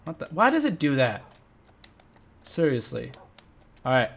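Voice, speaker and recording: A young man hosting a let's play, chatting with viewers and reacting loudly and playfully to the game. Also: mid-range voice, huge pitch swings, measured pace, creaky. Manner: playful, jokes and mock eulogies. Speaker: gaming channel host.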